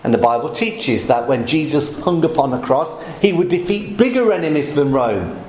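Male preacher in a hall, emphatic and animated, high voice. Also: normal speed, a little hiss or hum. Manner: animated, emphatic, explaining step by step. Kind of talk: sermon.

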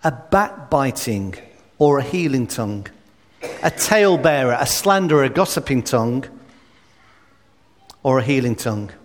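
Emphatic preacher in a hall. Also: male voice, mid-range voice, expressive, normal speed, pauses often, a little hiss or hum. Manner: emphatic, rhetorical questions in lists. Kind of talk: sermon. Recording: reverberant hall.

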